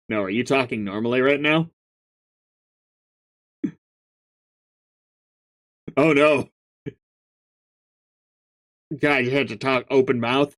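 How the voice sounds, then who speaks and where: A man's voice: mid-range voice, takes it slowly, long pauses, fairly bright tone. A man reading a webcomic aloud and reacting in a chatty, jokey way, often laughing. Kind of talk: casual reading and reaction commentary.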